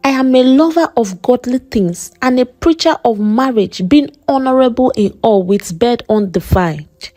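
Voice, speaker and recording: A woman's voice: on the high side, animated, normal speed, hardly any pauses, mellow, dry recording, faint music behind, close to an everyday voice. A woman with a Nigerian accent voicing a stern, churchgoing widowed mother who scolds in a mocking, sermon-like way. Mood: lamenting.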